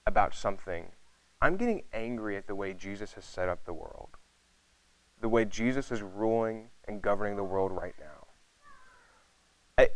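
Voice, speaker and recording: A man's voice: on the low side, no echo, low-quality recording. A man preaching a conversational sermon, rambling casually with many fillers and restarts.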